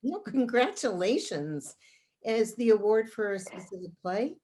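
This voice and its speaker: A woman's voice: on the high side, lively intonation, a little slow, mellow. A woman playing an encouraging, polite theatre administrator in a remote play reading over a video call.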